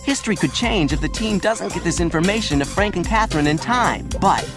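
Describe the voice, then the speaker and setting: A woman's voice: lowish voice, expressive, fairly quick. A woman narrating a scripted episode recap, telling the story and speaking directly to young viewers. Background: music.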